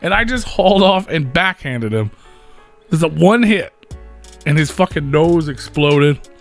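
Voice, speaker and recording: A man casually telling a story as a podcast host, rambling and profane, loudly acting out the quotes. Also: a little high, expressive, a little slow, faint music behind.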